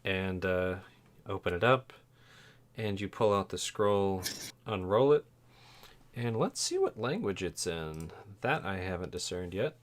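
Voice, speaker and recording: Deep-voiced male game master. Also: unhurried. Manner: relaxed and rambling, with fillers and chuckles. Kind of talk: narrating a tabletop game.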